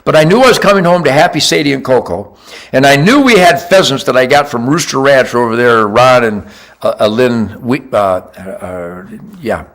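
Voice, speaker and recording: Speaking at normal speed and medium pitch, the older host relates a hunting adventure in a relaxed, boastful way. His energy swings from shouted moments to quiet muttering.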